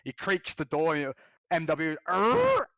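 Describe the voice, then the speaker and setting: Male podcast guest, lively slangy storyteller, higher voice. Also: no room sound. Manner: excitable, slangy, quick restarts. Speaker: podcast guest, competitive gamer. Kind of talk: animated storytelling.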